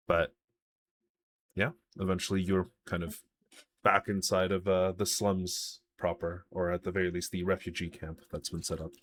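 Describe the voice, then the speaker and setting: A man's voice: low voice, little pitch movement, normal speed, a bit bright. A man narrating a live tabletop game as game master, in a loose, hesitant way with many fillers. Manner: loose, hesitant narration full of likes and uhs.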